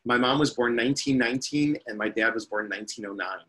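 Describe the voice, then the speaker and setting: Bright-voiced man in his fifties. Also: medium pitch, fast, low-quality recording. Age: 50s. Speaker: guest, spiritual teacher. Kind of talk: personal storytelling in interview.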